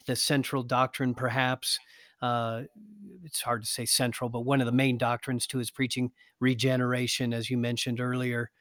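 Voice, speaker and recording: An engaged man hosting a conversation, affirming his guest and prompting with follow-up questions. His voice is at a middle pitch, recorded close with a dry, dead sound. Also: dry recording. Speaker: host. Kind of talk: interview conversation.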